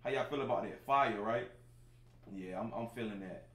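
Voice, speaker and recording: Easygoing male livestream host in his thirties, lowish voice, chatty with viewers, a roomy recording with faint hiss. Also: moderate pace, fairly bright tone. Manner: laid-back, talks straight to chat viewers, lots of filler phrases. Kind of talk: casual livestream chat with viewers. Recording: roomy sound with faint background noise.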